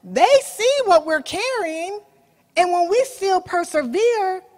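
A woman's voice: very high voice, animated, slow pace, darkish tone, big-room sound. A woman preaching a sermon, telling a story with animation and speaking straight to her listeners.

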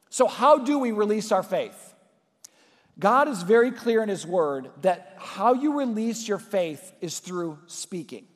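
A man preaching a sermon in earnest, dropping to soft, slow emphasis on key lines. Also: high voice, expressive. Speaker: pastor. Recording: long reverb in a large hall.

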